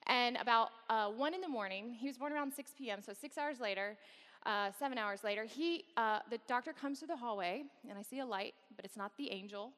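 Woman speaker, fairly high voice, wry candid storytelling, long echo like a big worship hall. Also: sharp tone. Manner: candid, self-deprecating, with wry humor. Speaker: guest speaker at campus worship. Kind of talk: personal storytelling talk. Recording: long reverb of a large hall.

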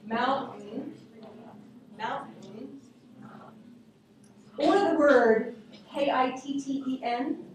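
A woman gives a lively, casual classroom lecture and keeps asking her students questions. Her voice sits fairly high. She is recorded from across a very echoey room. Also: unhurried, a little hiss or hum. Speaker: linguistics teacher. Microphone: room recording from a distance. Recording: very echoey classroom, distant mic.

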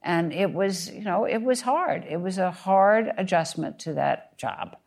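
A woman panelist who joins in with quick interjections and conversational remarks. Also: fairly low pitch, lively intonation, gravelly, a little mellow. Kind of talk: panel discussion before an audience.

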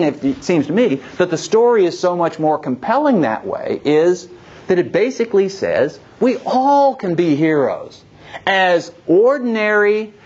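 Guy lecturing on history, kinda high and breathy, goes off on tangents with dry jokes, muffled old recording. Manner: lively, digressive, wry asides. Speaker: guest lecturer.

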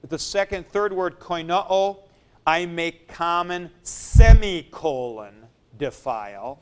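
A man teaching a Greek grammar lesson in a classroom, spelling out word forms deliberately, syllable by syllable. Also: fairly high pitch, smooth. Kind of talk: classroom lecture.

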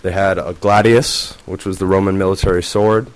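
A man's voice: deep voice, level tone, quick pace, a little mellow. A man presenting to a class, hesitant and full of fillers. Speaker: student presenter.

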